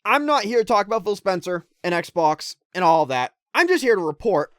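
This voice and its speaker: A woman's voice: mid-range voice, sing-song, moderate pace, no echo, clean studio sound. A woman gaming creator giving casual commentary to her viewers, irritated and ranting with lots of rhetorical questions.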